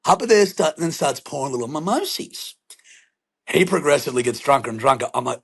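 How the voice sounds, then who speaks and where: Young man, Australian accent, gravelly, husky, playful, sweary podcast chat. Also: fairly high pitch, expressive, a little fast. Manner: playful, alliterative, swears often, acts out voices. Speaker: podcast co-host. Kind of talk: casual chat, storytelling.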